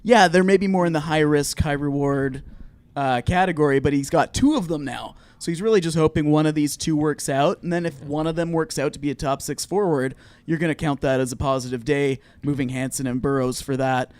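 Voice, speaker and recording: Smooth-voiced man with wry hedging talk. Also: a little high, a little fast, a little mellow, dry recording. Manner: thinks aloud, hedging and wry. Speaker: podcast co-host. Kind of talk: casual sports chat.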